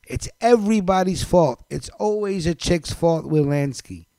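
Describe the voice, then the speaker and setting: A man's voice: on the high side, expressive, a little slow, gravelly, mellow, no room sound. A man hosting a live show, scolding someone directly in a blunt, profane rant. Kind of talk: ranting monologue on a live stream.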